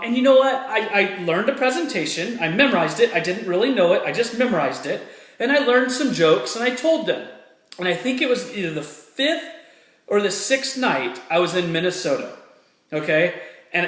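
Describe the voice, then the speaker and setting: A fired-up man talks straight to camera in a motivational style, his voice sitting high for a man. He is earnest and hammers his points home by repeating them. The room around him is echoey. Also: lively intonation, normal speed, a bit bright. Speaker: motivational speaker. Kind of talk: personal story and motivational talk to camera.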